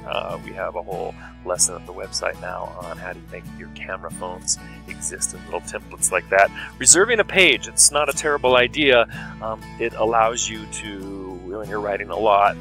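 A man's voice: on the low side, bright, forceful tone. A man teaching a writing lesson in a chatty, explaining way. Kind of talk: classroom video lesson.

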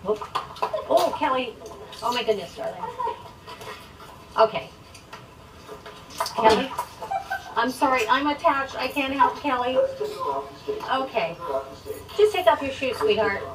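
High-voiced woman fussing from a distance. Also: lively intonation, measured pace, pauses often. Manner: fussing, soothing. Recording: noisy, from a distance.

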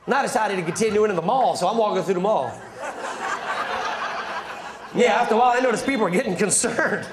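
A man from North Carolina doing an energetic stand-up comedy set, telling stories with quick asides to the crowd. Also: high-pitched, slight background noise. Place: comedy stage before a live audience. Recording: roomy live venue with loud crowd laughter. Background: audience laughter.

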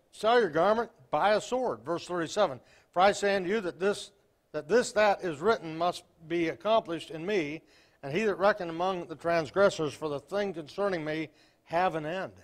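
A man's voice: a little high, moderate pace. An older man preaching a folksy Baptist sermon, telling stories and reading King James verses with emphasis.

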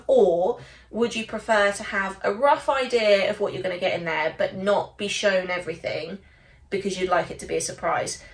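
A young woman chatting casually in a vlog from her small studio office, rambling with lots of ums. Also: mid-range voice. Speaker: small stationery business owner. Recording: voice a bit far from the mic.

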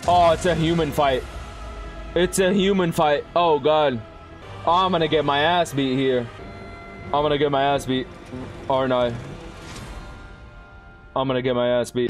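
A young man giving live gameplay commentary to his chat, excitable and swearing, often yelling at the game. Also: on the high side, moderate pace, long pauses, soft background music. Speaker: gaming streamer.

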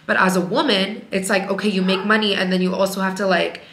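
Bright-voiced chatty woman vlogging. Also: medium pitch, fairly even intonation, fast talker. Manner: frank, chatty, leans on "like" a lot. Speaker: vlogger and working mom. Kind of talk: candid casual vlog talk. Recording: echoey room.

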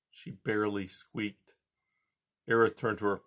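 A man calmly reading a children's novel aloud, chapter by chapter. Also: medium pitch, a little slow, creaky. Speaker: audiobook reader.

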